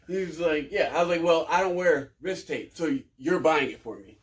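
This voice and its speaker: A man, a professional wrestler telling a profane story in a casual interview, loud, laughing and acting out the quotes. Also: animated, moderate pace, recorded from a distance. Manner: loud, laughing, acts out quotes with big pitch jumps.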